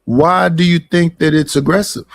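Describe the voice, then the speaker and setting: A man's voice: on the high side, normal speed, creaky, no echo, soft background music. A man talking bluntly in a casual discussion, acting out both sides of his stories. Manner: blunt, animated storytelling.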